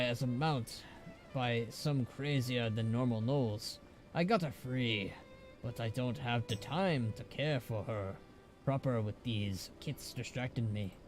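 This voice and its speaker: A man's voice: mid-range voice, lightly acted. A man doing a folksy troll animal keeper. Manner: island troll dialect with "be" in place of "is".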